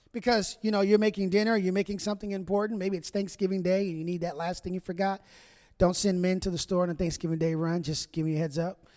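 The long reverb of a big church hall surrounds a pastor's high, light voice, unusual for a man. His sermon is humorous and chatty, aimed directly at the congregation, and he teases the men and the women in turn.

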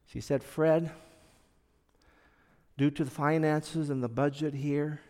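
A man giving a personal testimony, telling it slowly and earnestly, dropping to a hush and then rising loud. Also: on the high side, fairly even intonation, big-room sound. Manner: slow, earnest storytelling that swings from hushed to loud.

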